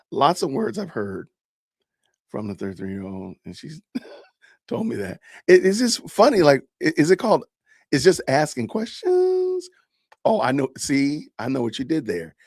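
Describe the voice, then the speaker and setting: A man's voice: mid-range voice, creaky, slightly rough, no room sound, studio quality. A middle-aged man hosting a live stream, chatting animatedly and laughing often as he reacts to videos. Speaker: podcast host. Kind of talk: live-stream commentary on body cam videos.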